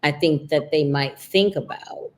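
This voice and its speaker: A woman with a very deep speaking voice, answering questions as a guest author and minister. She thinks out loud, circling back with "you know" and "right" as she builds a point. Her talk is calm and conversational. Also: measured pace. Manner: thoughtful, talks through ideas with many fillers. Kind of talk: reflective conversational interview.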